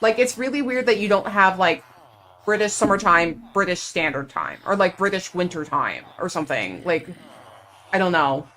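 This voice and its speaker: A woman's voice: on the low side, lively intonation, moderate pace, a bit bright. Chatty young woman game streamer. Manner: chatty and playful, lots of "like" fillers. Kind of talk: casual live-stream chat.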